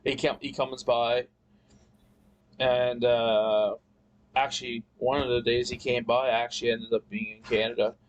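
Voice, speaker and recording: A man's voice: medium pitch, little pitch movement, a little slow, dull audio. A man telling a long story in a casual chat, rambling and cursing, often restarting his sentences. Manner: rambling, profane, frequent restarts. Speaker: podcast guest.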